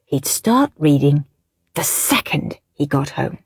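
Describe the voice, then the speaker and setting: A woman reading a children's storybook aloud with expressive narration. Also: deep voice, takes it slowly, slightly rough, dry recording.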